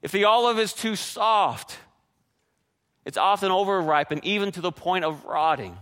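A man preaching a sermon to a congregation, animated and often checking in with "right?". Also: high-pitched, normal speed, smooth, long reverb tail. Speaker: pastor.

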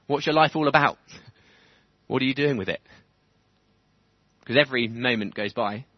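A man preaching a sermon in church, animated, chuckling often and building to fervent emphasis. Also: mid-range voice, moderate pace, no echo. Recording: dull lo-fi church recording.

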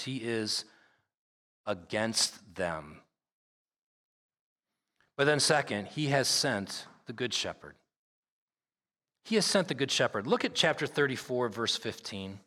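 A man's voice: mid-range voice, fairly bright tone. A man preaching a sermon as pastor, reading scripture aloud and stressing his points by repeating them. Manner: emphatic preaching with repeated phrases; reads scripture aloud at length. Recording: long hall reverb.

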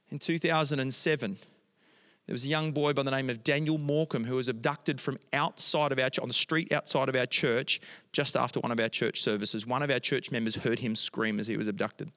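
Pastor preaching in a reverberant hall. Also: male voice, mid-range voice, brisk, a bit bright. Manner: storytelling, rising to emphatic prayer. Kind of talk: sermon.

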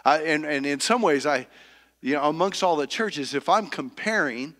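A middle-aged man preaching a sermon as pastor, earnest and halting, often repeating words as he searches for the next phrase. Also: fairly high pitch, lively intonation, a bit bright. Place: church sanctuary. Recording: long reverb of a church hall.

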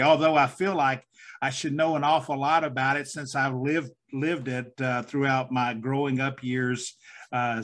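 A middle-aged man hosting an interview podcast, genial and quick to laugh, with some halting restarts. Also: medium pitch, fairly bright tone. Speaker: podcast host.

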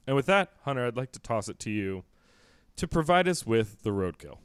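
A man's voice: medium pitch, very animated, brisk, fairly bright tone, smooth, no echo. A man co-hosting a podcast, riffing in a wry, mock-serious way through casual comedic chat. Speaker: podcast co-host.

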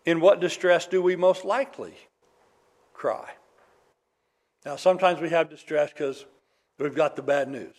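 A man's voice: on the high side, a little slow, long pauses. A man preaching a sermon in a conversational way, with dry humor, reading scripture aloud. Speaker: pastor.

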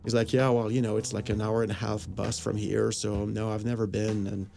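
Gravelly man telling a rambling story. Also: fairly low pitch, flat delivery, a little fast, darkish tone, soft background music. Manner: rambling, many fillers and quoted dialogue. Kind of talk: casual anecdote. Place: Los Angeles area.

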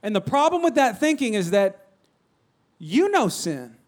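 Full of energy, a pastor with a high, bright voice preaches a very animated sermon at a measured pace. Loud calls give way to soft near-whispers, and he constantly prompts his listeners to answer back.

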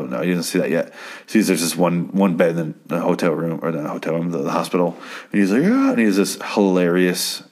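A man casually recapping a TV episode, rambling and swearing as he acts out the characters' lines. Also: low-pitched.

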